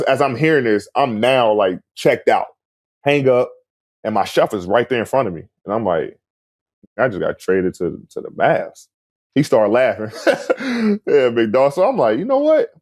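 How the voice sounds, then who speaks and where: A guest with a medium-pitched voice recounts a story at normal speed, the recording free of echo. His telling is casual and animated, full of acted-out dialogue and frequent "like" and "man."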